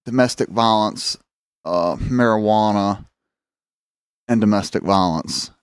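A man's voice: fairly low pitch, takes it slowly, smooth, dry recording, studio quality. A man telling a rambling, profane story on a casual podcast, acting out the voices of people in it. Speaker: podcast host.

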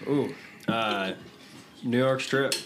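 A man's voice: medium pitch, slow. A man chatting casually as a guest, hesitant with frequent uhs. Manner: hesitant, lots of uh. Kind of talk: casual chat. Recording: loud background noise.

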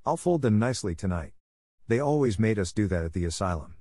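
A man's voice: on the low side, animated, brisk, dark tone, no room sound. Man reading a chatty orphan girl in a storybook, eager and imaginative, dry sound. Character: talkative imaginative orphan girl, eleven, red-haired.

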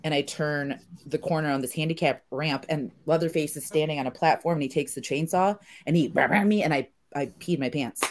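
A woman hosting a casual podcast chat, an animated storyteller who swears freely and acts out quotes. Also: low-pitched, fairly quick, few pauses, a little hiss or hum. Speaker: podcast host.

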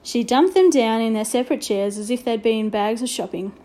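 A woman narrating a children's storybook aloud in an expressive, measured way. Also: fairly high pitch. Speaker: audiobook reader.

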